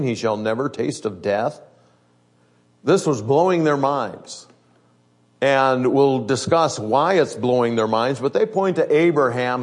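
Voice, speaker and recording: A male preacher giving a sermon, reading scripture aloud and explaining it in plain conversational words, slowing down to stress his points. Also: mid-range voice.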